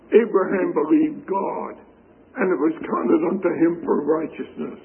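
A man preaching a sermon, reading scripture slowly and deliberately, heard over a tinny radio broadcast. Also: a little high, creaky, slightly rough.

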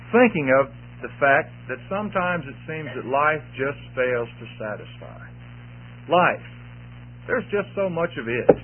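A man's voice: on the high side, breathy edge. A man preaching a sermon to a church congregation, repeating his key phrases for emphasis. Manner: repetitive, emphatic preaching with restarts. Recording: tinny phone-like band, lo-fi.

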